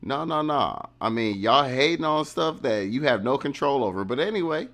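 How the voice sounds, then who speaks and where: A man's voice: medium pitch, animated, moderate pace, fairly bright tone. A man hosting a casual vlog, telling a story animatedly and acting out the quotes of others. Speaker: vlogger.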